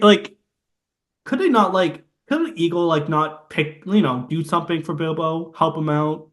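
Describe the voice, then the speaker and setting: A man's voice: a little high, normal speed, fairly bright tone. A man co-hosting a podcast, recapping a film in casual, rambling chat and imitating its sound effects. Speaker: podcast co-host.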